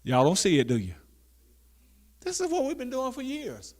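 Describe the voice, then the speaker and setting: A man preaching a sermon. He reads scripture slowly and loudly, then talks back to the listeners, dropping to quiet asides in between. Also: extremely high pitch, wildly swooping pitch.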